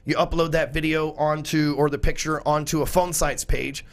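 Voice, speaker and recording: A man's voice: on the high side, little pitch movement, moderate pace. A man, a podcast guest talking in a blunt, profane, salesy way. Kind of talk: casual chat.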